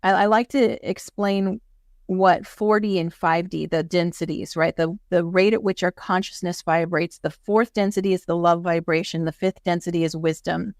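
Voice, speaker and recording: A woman with a lowish, slightly mellow voice speaks at a normal speed in a steady tone. She's an interview guest in a casual chat, earnestly explaining spiritual ideas and voicing the people she quotes, recorded dry in a clean studio.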